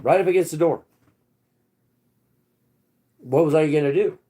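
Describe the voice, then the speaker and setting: A man's voice: a little high, unhurried, noisy background. A man hosting his own channel, telling a first-person story in a rambling, slangy way with restarts and swearing. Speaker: channel host.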